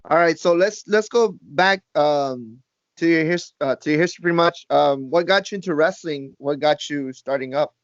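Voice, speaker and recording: A man hosting a casual interview, asking quick, hesitant questions. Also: a little high, no echo. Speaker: podcast host. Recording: dry, muffled lo-fi audio.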